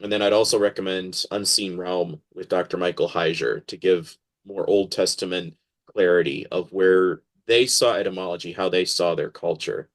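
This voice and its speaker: Animated man, low voice, acting out quotes. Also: normal speed. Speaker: podcast guest. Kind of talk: casual interview talk.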